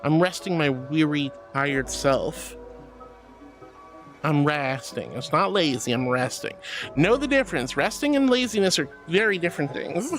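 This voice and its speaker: A woman's voice: deep voice, animated, a little slow, faint music behind. A woman streamer chatting casually and reading out viewer messages, bubbly and affectionate and calling everyone sweetie and honey. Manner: giggly, teasing.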